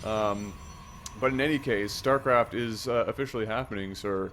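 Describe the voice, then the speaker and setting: A man's voice: fairly low pitch, moderate pace, a bit bright, a little hiss or hum. A man commentating a video game match in a chatty, joking, crude way. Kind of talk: casual gaming commentary.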